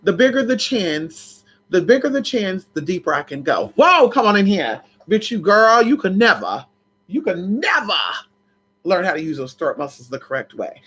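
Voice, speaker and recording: A spiritual vlogger chatting casually to viewers in a sassy, dramatic way, swooping up and down in pitch and breaking into laughs and shouts. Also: sing-song, moderate pace, husky. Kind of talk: casual livestream chat.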